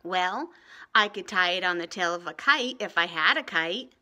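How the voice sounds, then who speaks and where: A woman voicing a calm, stubborn young boy in a storybook reading, speaking flatly. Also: fairly low pitch, moderate pace, voice pushed down. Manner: flat, calm, unbothered.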